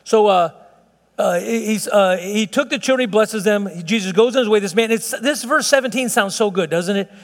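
A man's voice: high-pitched, moderate pace, long reverb tail. A middle-aged man preaching a sermon in an earnest, conversational way, often restarting his sentences. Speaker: pastor.

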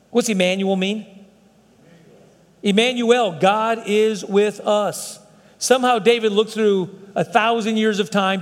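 A man's voice: high-pitched, big-room sound. A man preaching a sermon as pastor, in a folksy, conversational way with frequent restarts.

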